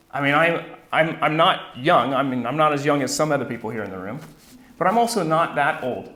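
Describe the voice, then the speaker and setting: A man with a slightly higher voice teaches Bible preaching at a conference in a casual, conversational way. He often repeats words as he thinks and keeps checking in with the room. The sound is roomy, with a noticeable echo. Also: a bit bright. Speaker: conference speaker, Bible professor.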